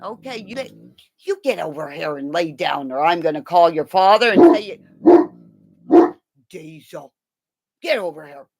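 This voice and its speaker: A woman's voice: lowish voice, lively intonation, normal speed, darkish tone. A woman in a rambling, profane casual chat, talking to her pets between asides. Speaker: vlogger.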